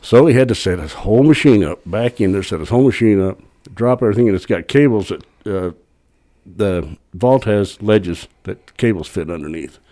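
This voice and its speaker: Guest storyteller, man, low mellow voice, rattles through a rambling anecdote. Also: lively intonation, normal speed. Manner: rambling, plain-spoken, acts out his own quotes. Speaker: podcast guest telling a story; cemetery worker. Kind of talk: casual storytelling.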